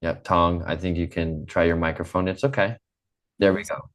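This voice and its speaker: Deep-voiced patient male English teacher. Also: little pitch movement. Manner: patient, encouraging, slow clear drilling. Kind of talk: online English class.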